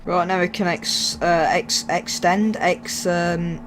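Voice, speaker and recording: A man's voice: sits high, steady tone, slow pace, a bit bright, a little hiss or hum. A man giving casual, jokey, rambling commentary while playing a train simulator, with faint game sounds behind him. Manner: rambling, jokey, self-mocking. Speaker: gaming YouTuber.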